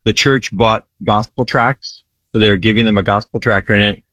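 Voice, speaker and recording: A man's voice: on the low side, fairly even intonation, normal speed, a bit bright, no room sound, dull audio. A man who works in disaster relief ministry, telling his story earnestly in an interview, repeating phrases for emphasis and often asking "right?".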